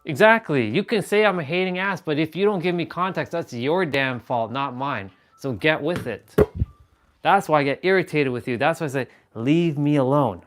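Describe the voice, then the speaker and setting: A man's voice: fairly high pitch, animated, moderate pace, a bit bright, slight background noise. A young man hosting a casual livestream, rambling in an exasperated way with frequent laughs and offhand swearing. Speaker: livestream host.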